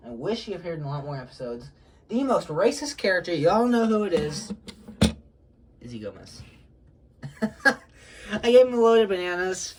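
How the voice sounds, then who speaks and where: A man's voice: mid-range voice, a little hiss or hum. A teenage boy showing off his Lego models in a casual, rambling vlog, chatty and self-conscious, often apologizing and giggling. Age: teens.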